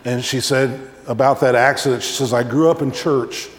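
A man's voice: mid-range voice, moderate pace. A male pastor preaching a sermon, telling stories and acting out little scenes along the way. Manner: animated storytelling, acting out examples. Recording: echoey hall.

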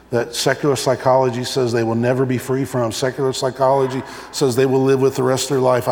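A male pastor preaching a sermon, telling stories and acting out little scenes along the way. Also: medium pitch. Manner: animated storytelling, acting out examples. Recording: echoey hall.

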